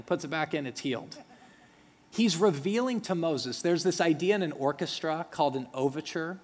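A man preaching a sermon as pastor, animated and conversational, acting out the dialogue between speakers in the story with asides to the congregation. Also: on the high side, fairly quick. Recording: reverberant hall.

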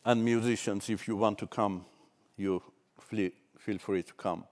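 A man preaching a sermon, swinging between loud emphatic declarations and soft asides. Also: lowish voice, steady tone, measured pace.

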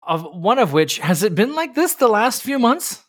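A man's voice: high-pitched, sing-song, moderate pace. A man co-hosting a casual podcast, talking in exasperated, ranting bursts. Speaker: podcast co-host. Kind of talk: casual chat.

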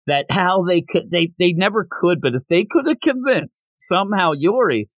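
A man recaps a manga chapter on a podcast in a casual, animated way and keeps slipping into its characters' lines. His voice sits fairly high and swings widely in pitch. The sound is dry and close to the mic. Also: normal speed, dry recording, rough recording. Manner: animated retelling with quoted lines. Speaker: podcast host.

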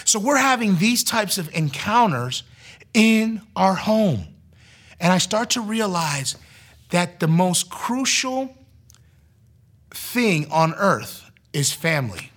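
A middle-aged former youth pastor telling his personal testimony in a lively storytelling way, acting out the voices of the people in the story. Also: high voice, takes it slowly.

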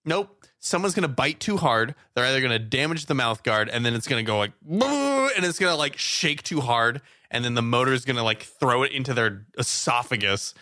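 A man's voice: medium pitch, brisk, hardly any pauses, bright, forceful tone, no echo, clean studio sound. A man co-hosting a podcast, joking skeptically and spinning absurd scenarios. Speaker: podcast co-host. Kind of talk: casual banter.

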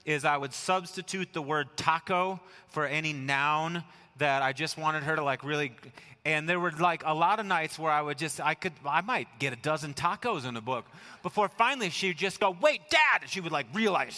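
A middle-aged American man preaching a sermon, telling family stories in a relaxed way and dropping to a soft hush to stress a point. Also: a little high, moderate pace, long reverb tail. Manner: conversational storytelling, dropping to soft near-whispers for emphasis. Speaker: pastor. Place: church sanctuary.

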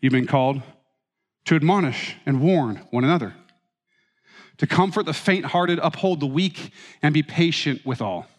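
A man preaching a sermon as pastor, telling stories with animated, self-mocking humor. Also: on the high side, moderate pace, long pauses. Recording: reverberant hall.

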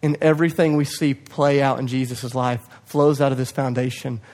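A young man preaching a sermon to his church, passionate, swinging from loud urging to hushed quiet, with self-deprecating asides. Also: medium pitch, flat delivery, moderate pace. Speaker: pastor. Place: church hall.

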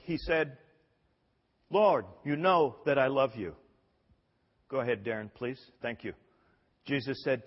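Husky preacher in an echoing hall. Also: male voice, medium pitch, unhurried, pauses often. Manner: impassioned, acts out quoted voices, repeats words. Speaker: pastor. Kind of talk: sermon. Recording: dull sound with long hall reverb.

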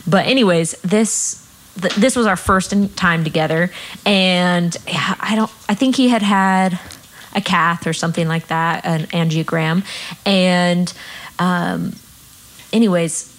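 A woman who works as a nurse, telling a story in a casual chat with animated, filler-heavy delivery. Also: lowish voice. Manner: animated, full of fillers and quoted voices. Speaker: nurse and podcast co-host.

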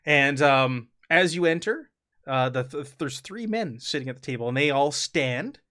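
A chatty man running a tabletop game as game master. His voice sits a little on the high side, and he often breaks into laughs and fillers as he describes the scene. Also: expressive, moderate pace, pushed and bright.

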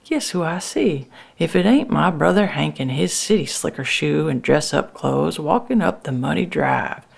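A woman telling a first-person story in folksy rural dialect, with halting restarts. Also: deep voice, lively intonation, creaky, slightly rough.

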